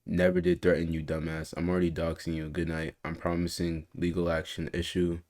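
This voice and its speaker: Deep-voiced man streaming a reaction. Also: monotone, a little fast, darkish tone. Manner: reads messages aloud, laughs often, swears. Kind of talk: casual reaction commentary.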